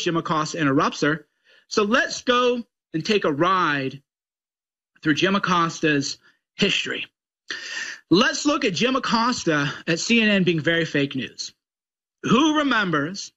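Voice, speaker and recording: A man's voice: high-pitched, sharp tone, lo-fi sound. A man giving ranting political commentary in a mocking, combative way.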